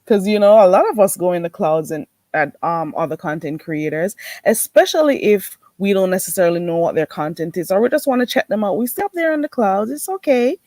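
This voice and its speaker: A woman hosting a casual livestream, greeting viewers in a playful, animated way and laughing often. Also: mid-range voice, fairly quick, few pauses, no echo. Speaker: livestream host.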